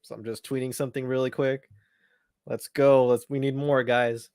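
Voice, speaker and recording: A man's voice: medium pitch, little pitch movement, normal speed, a little mellow, clear, resonant tone, no echo, clean studio sound. A man hosting a live football watchalong, reacting eagerly and chatting casually, often repeating his phrases. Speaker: watchalong host. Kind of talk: live match commentary watchalong.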